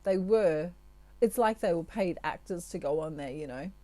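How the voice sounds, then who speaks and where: A woman, a tarot reader, giving spiritual advice to her viewers in a chatty, gentle way with asides. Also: on the low side, moderate pace, no echo.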